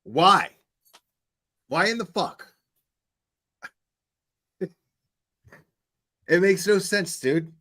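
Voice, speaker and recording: A man's voice: high voice, lively intonation, extremely slow, pauses often, bright, forceful tone. A man hosting reaction commentary, blunt and profane, hammering his points over and over. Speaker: commentary channel host.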